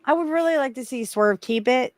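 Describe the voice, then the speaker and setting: A woman co-hosting a casual wrestling podcast, talking hesitantly with many pauses and restarts. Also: high-pitched, no echo, clean studio sound. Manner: hesitant, lots of ums and restarts. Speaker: podcast co-host.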